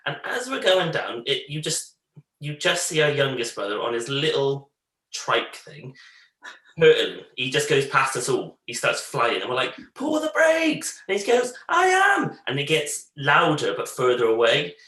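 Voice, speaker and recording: Bright-voiced man telling stories. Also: mid-range voice, moderate pace, echoey room, rough recording. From Bristol, England. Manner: animated anecdotes, acts out family quotes. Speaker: podcast co-host. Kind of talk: casual storytelling chat.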